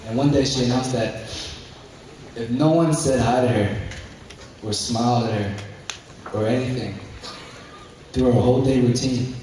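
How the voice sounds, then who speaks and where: A young man giving a fervent motivational speech to a business group, repeating key phrases and breaking into shouts. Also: medium pitch, normal speed, pauses often, a little hiss or hum. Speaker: motivational speaker at a business meeting. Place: large indoor hall with a live audience. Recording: very echoey hall, mic far off, crowd.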